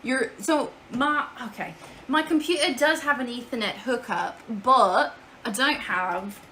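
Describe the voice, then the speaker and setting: Woman streamer, chatty and loose, swears offhand, bright, forceful voice. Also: on the high side, unhurried, a little hiss or hum. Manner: chatty, swears casually, answers chat aloud. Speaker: live streamer. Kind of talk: casual live-stream chat. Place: at home.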